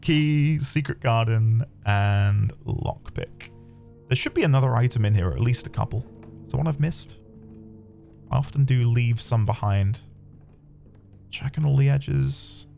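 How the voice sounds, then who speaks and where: A man commentating his own game playthrough, chatty and excitable, talking to his viewers. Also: mid-range voice, a little slow, gravelly. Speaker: game streamer. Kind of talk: let's play commentary. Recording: faint background music.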